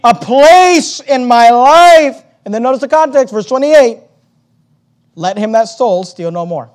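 A man with a very high voice preaching a sermon. He rises into loud, emphatic bursts full of repetition and then drops back to quieter explaining. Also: animated, a little slow. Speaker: pastor.

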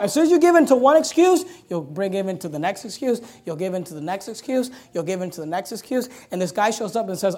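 High-voiced pastor preaching hard. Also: male voice, big pitch swings, fast talker. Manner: emphatic and repetitive, building to loud punches; conversational asides with laughs. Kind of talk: sermon.

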